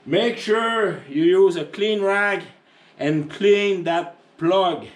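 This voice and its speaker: A French-accented tractor owner rambles through a maintenance tutorial, poking fun at himself along the way. His voice is high and his delivery extremely slow.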